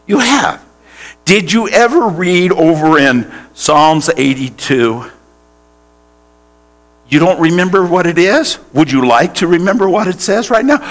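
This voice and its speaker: A man's voice: high voice, animated, unhurried. A male pastor preaching a sermon in a church, putting questions straight to the congregation. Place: church sanctuary.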